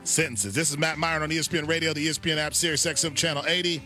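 A man's voice: fairly high pitch, racing, sharp tone, soft background music. A male sports radio host in casual, playful chat, rambling and joking about doing accents into a studio microphone.

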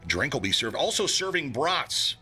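A man's voice: on the high side, big pitch swings, moderate pace, bright, forceful tone, faint music behind. A young man hosting a casual morning radio show, joking and laughing at his own puns.

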